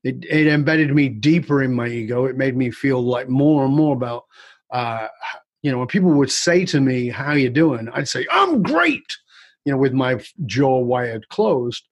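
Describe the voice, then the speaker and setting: A man's voice: mid-range voice, normal speed, a little mellow, husky, dry recording. A man guest in an interview, candidly and reflectively telling a personal story with casual swearing.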